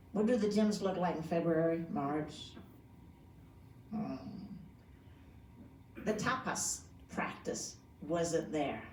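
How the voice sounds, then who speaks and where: With a lowish voice and a slightly slow delivery, a yoga teacher chats with a group in a community room, regularly putting questions to them. The distant mic captures an echoey space and a bit of hiss or hum.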